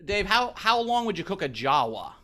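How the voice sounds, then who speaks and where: A man's voice: high-pitched, very animated, moderate pace, a crowd in the background. A man bantering on a comedy panel, joking and laughing as he talks.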